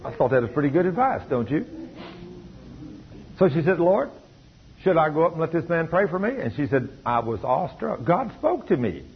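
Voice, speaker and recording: A man's voice: a little high, sing-song, moderate pace, a little hiss or hum. Preacher man, dull lo-fi sermon tape. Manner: preaching with quoted dialogue, rising to emphatic peaks.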